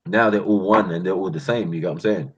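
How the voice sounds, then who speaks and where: A man's voice: low-pitched, quick pace, slightly rough. A man from North London with a London accent, telling street stories in a laughing, slangy way. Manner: laughing, slangy, animated storytelling. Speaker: channel host. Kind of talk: casual storytelling monologue. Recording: dull lo-fi recording.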